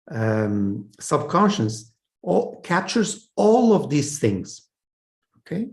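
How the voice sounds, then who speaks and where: A man, giving a conversational training talk over a video call, often checking in with "so" and "okay". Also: mid-range voice. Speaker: communication trainer. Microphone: video call setup.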